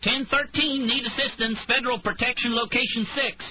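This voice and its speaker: Dude reading as a frantic marshal under fire, high pitched yelling, slightly muffled. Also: male voice, fairly even intonation, moderate pace, slight background noise. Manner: frantic crying over radio.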